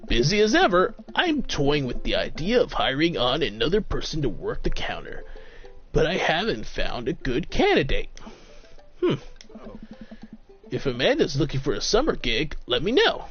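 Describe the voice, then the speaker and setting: A laid-back coffee-shop owner with a relaxed, stoner-like drawl and a lively, swooping pitch, as a man puts him on. The audio is slightly muffled, with faint game music behind. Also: moderate pace. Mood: easygoing.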